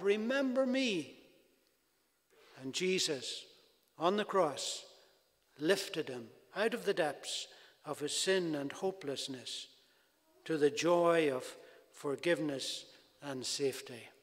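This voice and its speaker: A man delivers a sermon at an unhurried, measured pace, his voice sitting somewhat high for a man. He leans into quoted prayers with rising emphasis. The recording carries a long, echoing reverb of a large hall. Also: fairly bright tone. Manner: slow, deliberate preaching with emphatic rises on quoted cries. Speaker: preacher.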